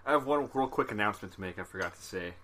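A man's voice: fairly low pitch, lively intonation, rapid-fire, pushed and bright. A man co-hosting a casual podcast, easygoing and often laughing as he talks. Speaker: podcast co-host. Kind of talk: casual chat.

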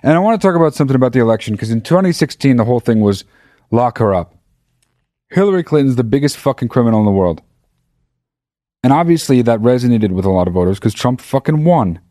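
A man's voice: mid-range voice, fast, no room sound, clean studio sound. A man hosting his own podcast, telling a story in a loose, rambling, profane way. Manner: profane, rambling, animated retelling. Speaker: podcast host. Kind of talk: casual storytelling monologue.

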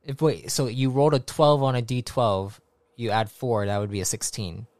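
A man narrating as game master of a tabletop game, halting and repeating words as he goes. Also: mid-range voice, fairly even intonation, darkish tone, dry recording, studio quality.

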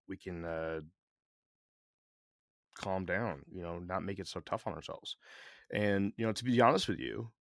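A man co-hosting a podcast, speaking candidly and earnestly, halting often with "uh" and "um". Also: sits low, no room sound, studio quality. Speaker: podcast co-host. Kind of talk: casual podcast chat.

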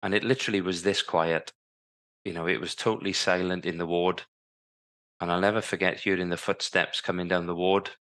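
A man in his fifties, once a Paralympic cycling champion, recounts his past on a podcast with vivid storytelling and acted-out quotes. His low voice barely moves in pitch, and he speaks briskly with a slightly bright tone.

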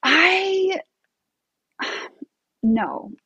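A woman's voice: very high-pitched, expressive, very slow, sharp tone, dry recording. A woman telling a story as an interview guest, bubbly and chatty with many fillers and laughs. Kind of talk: casual storytelling.

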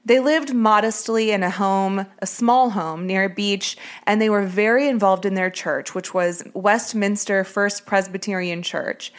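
A woman hosting a true-crime podcast, chatting casually and storytelling with a few ums. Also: medium pitch. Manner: chatty, reads names quickly with filler ums. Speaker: podcast host.

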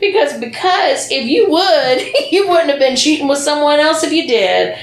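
A woman's voice: high-pitched, expressive, moderate pace. A woman co-hosting a podcast, chatting casually and reading listener comments aloud, blunt and profane, laughing often. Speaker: podcast co-host. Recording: echoey room with faint noise.

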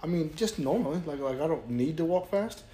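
A young man with a Southern US accent, telling stories in a casual podcast chat and acting out the people in them. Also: on the high side. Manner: fast-talking storyteller, animated quoting. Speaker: podcast guest.

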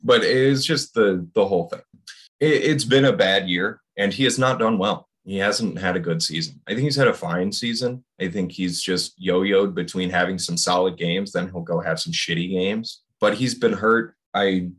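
Deep-voiced hesitant male co-host. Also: a bit bright. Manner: hesitant, halting, with restarts. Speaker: podcast co-host. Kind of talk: casual sports chat.

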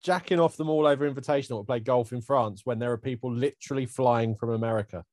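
A man co-hosting a casual chat over a video call, throwing teasing deadpan jabs. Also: mid-range voice, fast talker, no echo, clean studio sound. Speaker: podcast co-host.

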